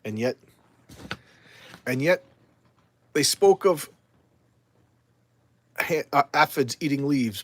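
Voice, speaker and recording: A man's voice: medium pitch, no room sound, lightly acted. A man voicing a sorrowful male swamp plant creature, reading in a subdued, grave way.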